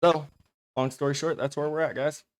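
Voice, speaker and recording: A man's voice: on the high side, fairly even intonation, moderate pace. A man streaming from a home setup, chatting casually and profanely with his viewers in a rambling way. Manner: profane, rambling, talks straight to chat.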